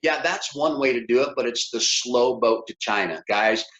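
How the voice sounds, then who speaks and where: A middle-aged business instructor leads a motivational workshop lecture in a mid-range, slightly bright voice at a moderate pace. He is emphatic and coaxing and keeps putting questions to his audience. The lo-fi recording sounds roomy and a little dull.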